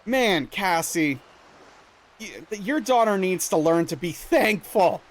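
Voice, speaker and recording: Slow and expressive, this high-voiced young man from Louisiana hangs out with his livestream audience, reading their messages aloud and answering in a playful way punctuated by mock outrage.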